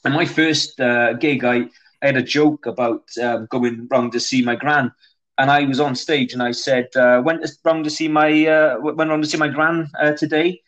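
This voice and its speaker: A man's voice: mid-range voice, steady tone, moderate pace, a bit bright, low-quality recording. A Welsh man, a comedian guest, telling rambling anecdotes in casual podcast chat with frequent restarts. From Wales.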